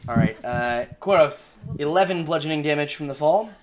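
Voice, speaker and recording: A man's voice: a little high, lively intonation, a little fast. A man narrating as game master for a tabletop game, talking casually with lots of fillers, in a small crowded room. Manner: casual, filler-heavy rules talk. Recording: phone-like lo-fi sound with faint hiss.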